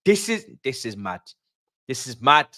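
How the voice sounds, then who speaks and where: A young man hosting a football watch-along stream, ranting casually and repeating himself as his voice swings from low grumbles to high outbursts. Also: big pitch swings, measured pace, bright, forceful tone. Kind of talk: casual live-stream rant.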